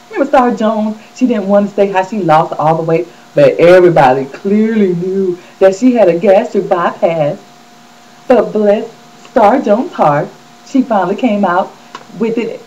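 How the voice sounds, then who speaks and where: A woman's voice: mid-range voice, darkish tone, muffled recording. A woman hosting a casual celebrity gossip vlog, chatty and sassy, talking straight to her viewers.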